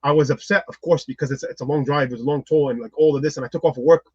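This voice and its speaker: A man with a slightly high, husky voice rattles through a personal story at speed and acts out everyone in it. The sound is dry and a little muffled. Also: very fast, dry recording. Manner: lively, acts out the people in his story. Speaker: guest.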